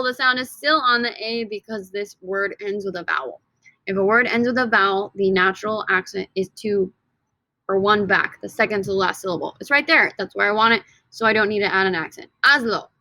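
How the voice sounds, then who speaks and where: A woman teaching a casual lesson, energetic and playful, repeating words slowly for her students. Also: medium pitch, no room sound. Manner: energetic and playful, drawn-out repetitions. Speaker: Spanish teacher.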